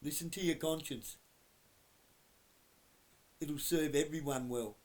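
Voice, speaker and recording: Man, fairly high voice, blunt profane rant, bursts of yelling. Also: slow. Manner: blunt, swearing heavily, flaring into shouting. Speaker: vlogger. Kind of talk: profane direct-to-camera rant.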